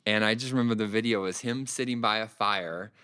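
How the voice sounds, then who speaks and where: A pastor chatting on a podcast, telling stories in an animated way and laughing often. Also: male voice, on the low side, brisk, clean tone, dry recording. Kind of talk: casual podcast chat.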